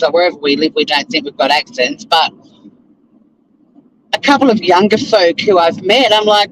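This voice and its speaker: A man's voice: high voice, background noise. A man with an Australian accent hosting a casual live-stream chat from his car, greeting viewers by name and swearing now and then. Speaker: lawyer and live-stream host. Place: in a car, driving to work.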